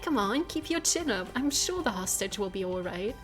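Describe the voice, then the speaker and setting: A woman's voice: mid-range voice, expressive, moderate pace, faint music behind, natural voice. A woman voicing a loyal, upbeat male police subordinate in a game reading. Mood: encouraging.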